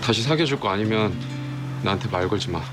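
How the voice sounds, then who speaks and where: Brief: an actor for a curt young man in a TV drama, fast-talking over background music. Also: lowish voice, lively intonation, close to an everyday voice. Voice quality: curt, blunt delivery. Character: young man bluntly warning off his ex-girlfriend. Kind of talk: TV drama dialogue.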